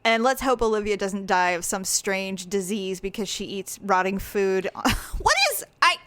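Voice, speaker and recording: A woman's voice: medium pitch, measured pace. A middle-aged woman co-hosting a podcast, chatting casually and acting out quotes with a raised voice. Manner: animated storyteller, acts out quotes in raised voice. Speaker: podcast co-host. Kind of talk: casual chat.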